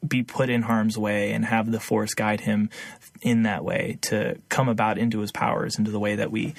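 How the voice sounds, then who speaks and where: A man's voice: on the low side, level tone, moderate pace, vocal fry, dry recording. A young man co-hosting a podcast, talking casually with lots of fillers and laughing often. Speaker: podcast co-host. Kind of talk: casual chat.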